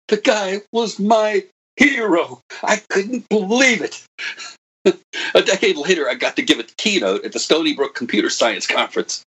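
A man's voice: a little high, fairly bright tone, breathy edge, heavily acted. An actor playing a bitter old man who was once a computer prodigy, delivering a dramatic monologue that swings from wry to anguished. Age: older.

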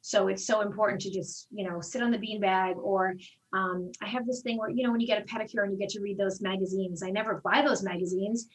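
A woman's voice: medium pitch, fast, far from the mic, low-quality recording. A woman who teaches fitness classes, chatting in an interview and acting out the conversations she retells. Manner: animated storyteller, acts out quoted exchanges. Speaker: fitness instructor. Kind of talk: casual interview talk.

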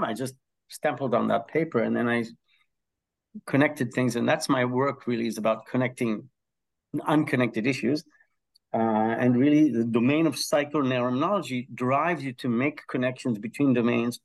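Podcast guest, male professor, gravelly texture, lots of "um" hesitations, eager explainer. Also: mid-range voice. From Israel. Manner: enthusiastic, uses analogies, frequent hesitations. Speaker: guest, health psychology professor. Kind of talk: conversational explanation.

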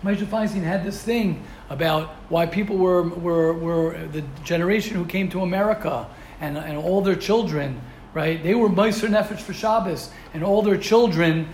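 A man teaching a religious ethics class in an animated way, asking rhetorical questions and repeating himself for emphasis. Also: sits high, moderate pace, a little hiss or hum. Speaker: Torah teacher. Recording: roomy echo.

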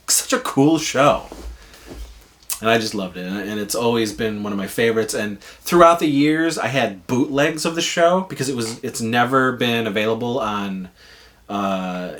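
A man's voice: mid-range voice, a bit bright. Casual male storyteller, rambling and loose, swears freely. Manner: rambling, swears, lots of fillers.

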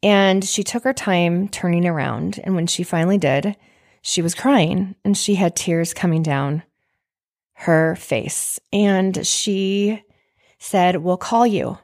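A young adult woman with a slightly low voice shares her own story on a podcast. She speaks in an earnest, heartfelt way, and her faith comes through as she talks. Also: slow pace, darkish tone. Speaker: podcast host. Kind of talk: personal storytelling.

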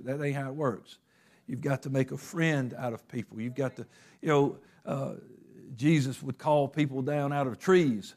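A man preaching a sermon in a conversational way, acting out little quotes and often pausing with fillers. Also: mid-range voice, a little mellow. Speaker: pastor.

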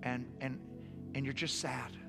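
A man leading a sermon's closing prayer, moving from hushed, tender prayer to loud, forceful proclamation. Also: mid-range voice, little pitch movement, measured pace, in a large hall. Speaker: pastor. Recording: live sermon with music behind. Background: soft worship music.

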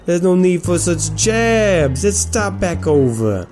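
A man's voice: high voice, sing-song, slow, over music, pitched above the performer's own voice, heavily acted. A man voicing a well-dressed grey orc gangster man, pushy and streetwise, in a raised wheedling voice. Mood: placating.

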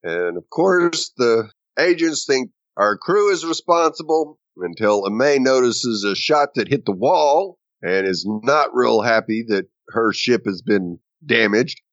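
A man's voice: medium pitch, expressive, unhurried, dry recording, muffled recording. A man co-hosting a casual chat, narrating plot points and laughing along. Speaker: podcast co-host.

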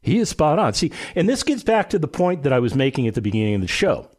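A man hosting a real estate radio show, telling a story in an animated way and acting out the quotes. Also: a little high, fast. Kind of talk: talk radio monologue.

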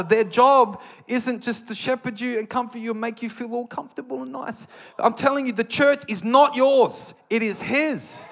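Australian man, high voice, passionate preacher, loud emphatic bursts. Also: creaky. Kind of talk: sermon.

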